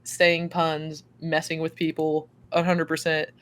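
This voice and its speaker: A woman's voice: deep voice, a little slow. Laughing young woman telling stories. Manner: animated, laughing often, acts out quoted voices. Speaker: podcast guest. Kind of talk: casual storytelling chat.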